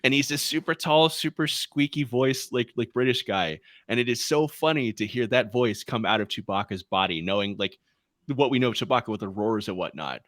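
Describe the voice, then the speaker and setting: A man's voice: mid-range voice, a little fast, no room sound, studio quality. A man co-hosting a podcast in casual chat, telling anecdotes with enthusiasm. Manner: lively storytelling, enthusiastic. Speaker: podcast co-host.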